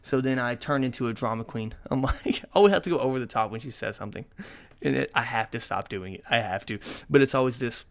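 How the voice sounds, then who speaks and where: A man's voice: mid-range voice, fast talker, gravelly. A young man in his twenties talks on his own podcast in a loose, rambling way. He swears freely and tells jokey stories, now and then jumping into sudden bursts of energy. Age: 20s. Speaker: podcast host. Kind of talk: casual solo podcast monologue.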